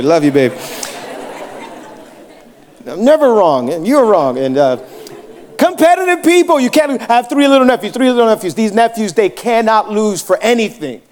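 A man's voice: high-pitched, darkish tone. A young adult man preaching a sermon as pastor, telling jokey stories and putting questions to the crowd. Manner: joking, storytelling, asks the crowd questions.

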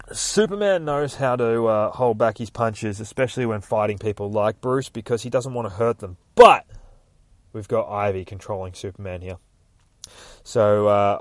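A man recapping a comic book aloud, casual and profane, breaking into rough shouted character voices. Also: mid-range voice, no room sound. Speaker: comic book podcast host.

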